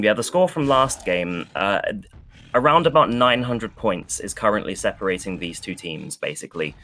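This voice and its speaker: Low-voiced male esports caster, chatty. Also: a bit bright, slight background noise. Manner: rambling, chatty, many fillers. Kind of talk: live esports commentary.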